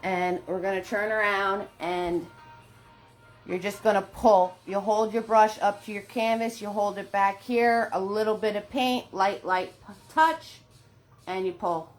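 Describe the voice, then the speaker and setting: A woman's voice: medium pitch, fairly even intonation, measured pace. A woman leading a live online painting class from her home, chatty and encouraging, laughing often and greeting viewers by name. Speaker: paint party instructor. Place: her home studio, indoors. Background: faint background music.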